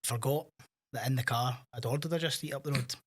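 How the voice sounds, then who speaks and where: Scottish man, husky voice, casual podcast chat, animated storyteller. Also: mid-range voice, fairly quick. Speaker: podcast co-host.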